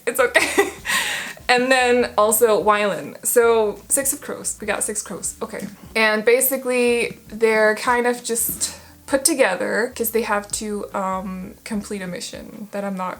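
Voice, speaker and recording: Young woman, casual book chat, rambling, giggly, self-correcting, average pitch. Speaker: book vlogger.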